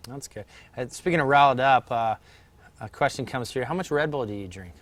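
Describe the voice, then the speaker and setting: A man's voice: medium pitch, lively intonation, a little fast, fairly bright tone, no echo. A man hosting a casual live chat and reading viewer questions, with a joking, teasing manner.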